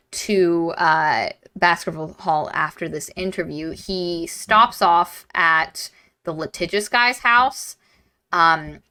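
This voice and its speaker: Bright-voiced woman retelling a story. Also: fairly low pitch, no room sound. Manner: animated retelling, acting out characters' lines with swearing. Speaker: podcast co-host. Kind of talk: casual book-club chat.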